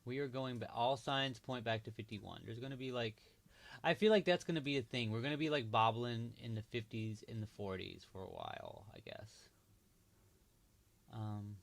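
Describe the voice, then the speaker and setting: A man's voice: medium pitch, lively intonation, moderate pace, vocal fry. A man hosting a casual livestream, thinking aloud with hesitant, trailing remarks as he marks up a chart. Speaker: livestream host.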